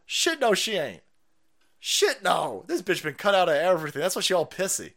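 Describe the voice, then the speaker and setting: A man's voice: high voice, sing-song, brisk, fairly bright tone. A man hosting a livestream, ranting crudely and mocking people, laughing often. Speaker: livestream host. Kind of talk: profane political rant stream.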